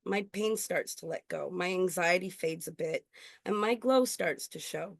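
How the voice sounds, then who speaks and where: A woman performing her own spoken-word poetry at an open mic, earnest and intimate, slowing on key lines. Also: fairly low pitch, gravelly, dry recording, studio quality. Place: indoor open mic venue.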